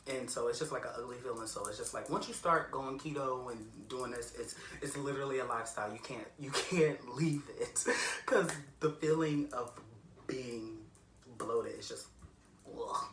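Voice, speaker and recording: A woman's voice: very deep voice, moderate pace, slight background noise. A young woman chatting casually in a rambling, self-mocking way in a vlog at home. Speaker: vlogger. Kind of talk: casual mukbang vlog chat. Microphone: camera set up across the room. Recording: roomy echo, distant camera mic.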